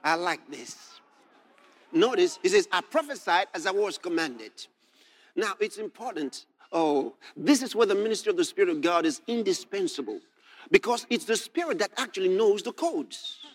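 A man preaching a sermon, moving from soft asides to shouted scripture readings and laughing as he reads. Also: high-pitched, expressive, normal speed.

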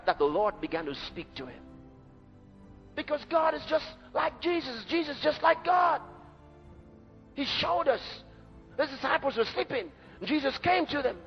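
A man preaching a sermon in an emphatic, dramatic way, rising at times to a shout. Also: extremely high pitch, very animated, measured pace. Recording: dull lo-fi recording in a reverberant hall with faint music.

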